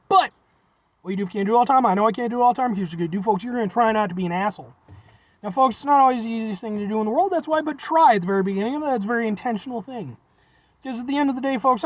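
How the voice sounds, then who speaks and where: A young man reviewing food in a rambling, folksy vlog chat, often calling viewers "folks" with playful exaggeration. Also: high voice. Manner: playful exaggeration, self-deprecating. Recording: dull lo-fi dry recording.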